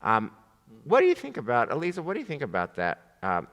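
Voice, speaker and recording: Lively teacher in an echoing hall. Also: male voice, medium pitch, fast talker. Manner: lively, acts out voices while teaching. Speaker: rabbi teaching a class. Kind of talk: animated class discussion. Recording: reverberant hall.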